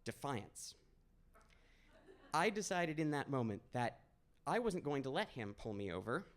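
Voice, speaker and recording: A man's voice: medium pitch, sing-song, unhurried. A young man from Maine telling a personal story at a live storytelling event, in a conversational, wry, self-deprecating way. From Maine, USA. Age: 20s. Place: small stage at a storytelling event.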